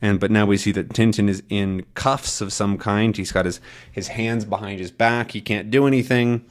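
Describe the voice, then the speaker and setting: A man teaching English by reading a comic aloud, explaining words in a chatty, animated way. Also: on the low side, moderate pace. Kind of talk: comic read-along lesson.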